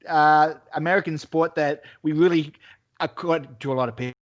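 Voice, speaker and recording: A man's voice: a little high, fairly even intonation, normal speed, dull audio. A man with an Australian accent, co-hosting a casual chat over a video call and joking with his mate about sport. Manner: joking, theorising banter. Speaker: podcast co-host.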